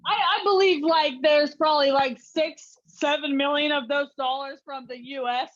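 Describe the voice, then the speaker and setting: A woman's voice: high-pitched, fairly even intonation, moderate pace, dry recording, muffled recording. A woman co-hosting a casual podcast, chatting and reacting with exclamations. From United States. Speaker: co-host.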